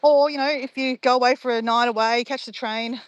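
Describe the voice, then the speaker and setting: A woman's voice: on the high side, steady tone, fairly quick. A woman, chatting casually and playfully with live viewers in a bubbly, laughing way.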